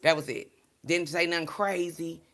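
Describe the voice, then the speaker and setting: A woman's voice: low voice, fairly even intonation, normal speed, a bit bright. A woman speaking in a candid, emphatic, chatty way, telling a spiritual story on her video channel with preachy asides. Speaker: spiritual card reader and vlogger. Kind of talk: casual storytelling vlog.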